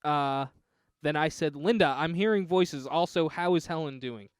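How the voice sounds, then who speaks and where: A man's voice: fairly high pitch, moderate pace, clear, resonant tone. A man on a podcast, casually reading out a text adventure game and joking about it. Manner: reads game text aloud with laughing asides. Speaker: podcast co-host.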